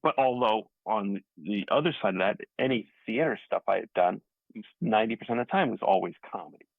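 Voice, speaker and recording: Gravelly, husky man from New York, guest actor telling stories, thin phone-line sound. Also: lowish voice, lively intonation, fairly quick, no echo. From Staten Island, New York. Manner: rambling, self-deprecating storyteller. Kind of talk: casual interview conversation. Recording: tinny phone-like dry audio.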